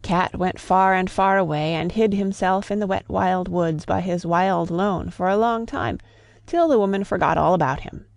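Gravelly woman reading a story aloud. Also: lowish voice, no room sound, studio quality. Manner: measured, rhythmic storybook narration.

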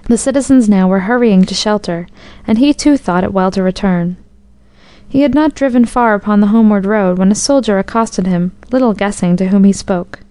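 A woman reading a storybook tale aloud as narrator, in a steady, even-paced delivery. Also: mid-range voice, a little fast, clean tone, no echo.

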